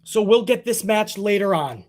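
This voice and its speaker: A man with a notably high-pitched voice rants through a wrestling show review. He swears freely and sounds exasperated and sarcastic as he picks the booking apart. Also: lively intonation, normal speed, darkish tone. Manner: profane, exasperated, sarcastic ranting. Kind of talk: casual ranting review.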